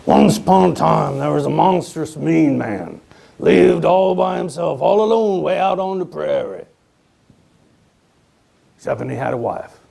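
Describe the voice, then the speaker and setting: A man spins a ghost story in old-time folksy dialect, in the manner of a stage performance. His gravelly voice sits fairly high and roams widely in pitch, dropping to a hush before building toward near shouts. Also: animated. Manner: folksy dialect, dramatic pauses, hushed to loud. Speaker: storyteller performing as a 19th-century author.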